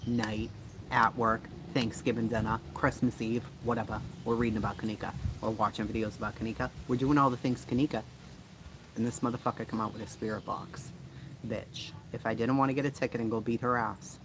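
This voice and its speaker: A blunt, foul-mouthed man hosts a casual livestream, chatting and answering viewer comments. His voice sits in an ordinary middle pitch and he laughs often. A steady hiss of background noise runs under the home stream audio. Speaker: livestream host.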